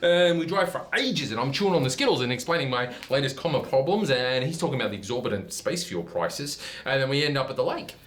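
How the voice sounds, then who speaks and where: A man's voice: mid-range voice, animated, fast talker, few pauses, fairly bright tone, lightly acted. A man with an Australian accent rambling through a wild comedic story full of slang. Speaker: client telling a story. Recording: roomy echo.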